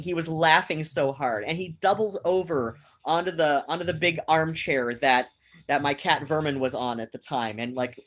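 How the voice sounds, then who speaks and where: A woman hosting a live stream, chatting casually and rambling with many restarts, talking straight to her viewers. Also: sits low. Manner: talks straight to viewers in chat.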